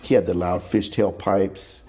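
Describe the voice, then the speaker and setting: A man's voice: unhurried, husky. A man as a podcast guest, telling his story in a loose, chatty way and acting out the people he quotes. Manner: animated, acts out quoted people with jumps in pitch; loose and chatty, many "like" fillers. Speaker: podcast guest, pinstripe artist. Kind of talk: casual storytelling conversation.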